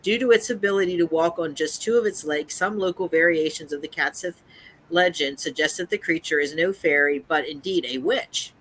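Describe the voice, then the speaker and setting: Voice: mid-range voice, fairly quick, fairly bright tone, a little hiss or hum, poor audio. A live-stream host chatting and reading a folklore article aloud, often restarting phrases. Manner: reads from an article with frequent restarts.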